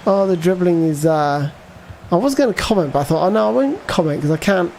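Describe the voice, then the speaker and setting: A man's voice: sits high, animated, brisk, gravelly, a little mellow, a little hiss or hum. A man giving casual live commentary as he plays a football video game, thinking aloud and answering viewer chat. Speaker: gaming livestreamer.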